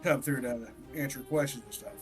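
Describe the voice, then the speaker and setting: A man co-hosting a podcast, telling a story in an animated, profane, casual way. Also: mid-range voice, fairly quick, over music. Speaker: podcast co-host.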